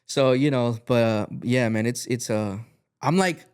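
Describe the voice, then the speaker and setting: A man's voice: mid-range voice, a little slow, a little mellow, clear, resonant tone. A man, a podcast guest and music artist, telling a rambling story in a casual chat, full of fillers and swearing, acting out the lines he quotes.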